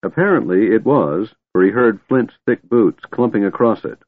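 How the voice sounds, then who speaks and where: A man reading a fantasy audiobook in a steady, measured storytelling manner. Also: on the low side, slightly rough, dry recording. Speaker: audiobook narrator. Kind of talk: scripted fantasy narration. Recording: tinny phone-like, dry.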